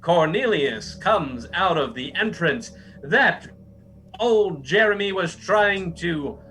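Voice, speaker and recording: A man playing a dramatic carnival-show narrator, telling the story slowly and grandly, with faint music behind. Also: sits high, animated, sharp tone, full character voice. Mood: theatrical. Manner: slow, theatrical storytelling.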